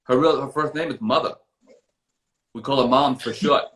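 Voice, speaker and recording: A man's voice: mid-range voice, normal speed, a bit bright, echoey room, natural voice. A man voicing a smug, laid-back male music mogul who lectures in a patronizing, rambling way.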